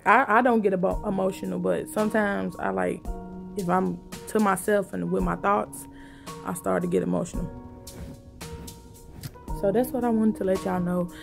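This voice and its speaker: A woman's voice: mid-range voice, steady tone, moderate pace, vocal fry, pauses often, music in the background. A woman talking casually and emotionally to her vlog viewers, rambling in slangy speech from a car. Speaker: vlogger.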